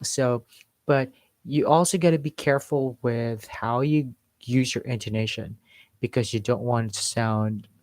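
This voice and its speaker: Male accent coach, casual live-stream lesson, mid-pitched voice, dry close mic. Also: steady tone, unhurried, a little mellow, dry recording. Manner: explains with modeled examples and filler words. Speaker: English accent teacher.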